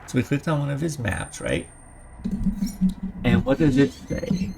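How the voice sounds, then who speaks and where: A man's voice: mid-range voice, big pitch swings, unhurried, creaky, darkish tone, faint music behind. A man hosting a gaming channel, giving chatty, rambling let's-play commentary into a desk microphone.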